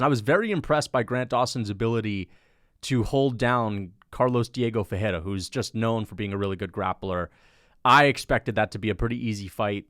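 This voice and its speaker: Animated man thinking aloud on rankings. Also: medium pitch, dry recording, studio quality. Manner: animated, thinks aloud, changes his mind mid-sentence; swears casually. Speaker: MMA commentator and channel host. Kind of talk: casual ranking commentary.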